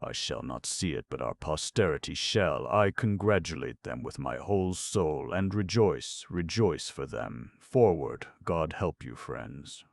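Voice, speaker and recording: Brief: man doing a fervent young madman in an audiobook, raised and urgent over a deep gravelly base. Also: expressive, a little slow, hardly any pauses, dry recording, studio quality, full character voice. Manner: impassioned, accusing. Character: agitated young male asylum patient, bitter.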